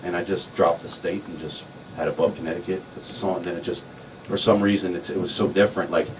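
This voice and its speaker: A man's voice: deep voice, flat delivery, fast talker. A man in a band, chatting casually in an interview, rambling a little with restarts. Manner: laid-back, rambling with restarts. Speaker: band member. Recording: distant mic with faint background noise.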